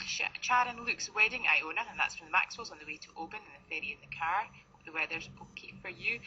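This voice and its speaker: A woman's voice: fairly low pitch, pushed and bright, a little hiss or hum. Breezy woman reading texts on air. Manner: breezy, wry asides. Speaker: radio co-host. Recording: dull broadcast radio recording.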